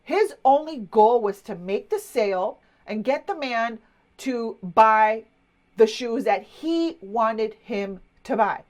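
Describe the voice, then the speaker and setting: A woman in her fifties, a marketing coach, telling a personal story in a chatty, animated way with many asides. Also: on the high side, slow. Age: 50s.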